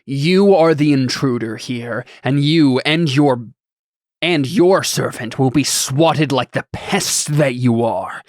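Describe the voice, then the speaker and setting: A man putting on a proud dark lord from a tabletop fantasy game, speaking in slow, grandiose threats. The voice is close and dry, in a middle register. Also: mid-range voice, no echo, natural voice. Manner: slow, grandiose, menacing speech. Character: proud, scornful Black Numenorean male lord.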